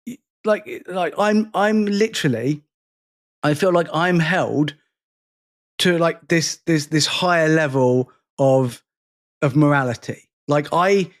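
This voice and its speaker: Speaking slowly in a voice on the high side, a podcast co-host vents his frustration at length, emphatic throughout the casual conversation.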